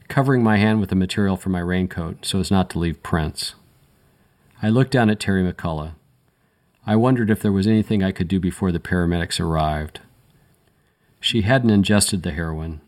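A man narrating a first-person crime story in a measured, dry, matter-of-fact way. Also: low-pitched, a little mellow. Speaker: audiobook narrator.

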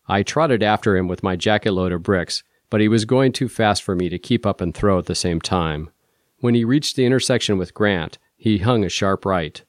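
A man with a lowish voice narrates a first-person story in a steady, measured way. He is recorded on a close studio mic with a completely dry sound. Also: no room sound. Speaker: audiobook narrator.

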